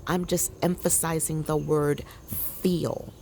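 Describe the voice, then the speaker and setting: Woman, 50s, vlogger; low, gravelly voice; candid, rambling, confiding talk; faint crickets behind. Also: fairly even intonation, a little slow, darkish tone, a little hiss or hum. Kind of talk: casual personal chat to viewers. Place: outdoor deck.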